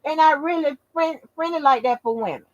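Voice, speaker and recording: A woman hosting her own channel, telling a story in casual chat, animated and profane, acting out what people said. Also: high-pitched, fairly quick, no room sound, highs cut off. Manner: animated, profane, acts out quotes. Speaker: channel host.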